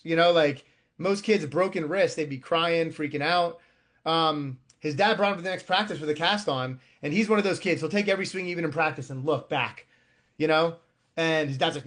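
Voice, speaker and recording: A man's voice: a little high, a little fast, a bit bright. A man in his thirties, a youth baseball coach and podcast guest, talking bluntly and profanely in casual chat. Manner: blunt and profane, heavy on filler words.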